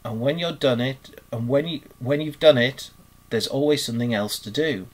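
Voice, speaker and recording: A man, voicing a genial, dreamy male water rat in a storybook reading, solemn and relaxed. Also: medium pitch, moderate pace, natural voice.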